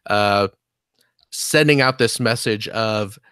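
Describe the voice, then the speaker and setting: Bright-voiced man, casual podcast chat. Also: on the low side, clean tone, no echo, clean studio sound. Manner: earnest, halting restarts, jokey asides. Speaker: podcast co-host.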